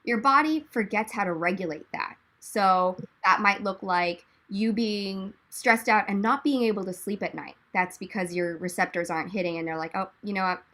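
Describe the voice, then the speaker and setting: Bright, animated woman panelist. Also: medium pitch, moderate pace, few pauses. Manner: animated, rambling, jokey asides. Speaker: panelist, drink company founder. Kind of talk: casual explanatory chat.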